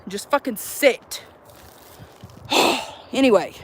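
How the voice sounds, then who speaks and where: Animated, high-voiced young woman vlogging outdoors. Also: slow pace, slight background noise. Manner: animated, profane, jokey. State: out of breath. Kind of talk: casual chat to camera. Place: outdoors at a campsite.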